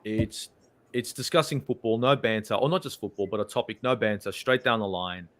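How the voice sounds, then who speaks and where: A man's voice: fairly low pitch, a little fast. A man with an Australian accent, a guest football channel host, joking and rambling in casual chat over a video call. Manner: joking, rambling, self-deprecating.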